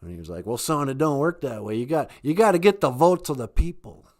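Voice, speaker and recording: A man's voice: mid-range voice, expressive, fairly quick, a little mellow, voice pushed up, natural voice. A man doing an impression of a giggling, sneaky older Southern US politician, with a sly, chuckling drawl. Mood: smug.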